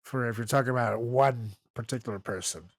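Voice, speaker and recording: A man's voice: medium pitch, steady tone, a little fast, no room sound. A man in his thirties co-hosting a comedy podcast, riffing in a profane, laughing, casual way. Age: 30s. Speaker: podcast co-host.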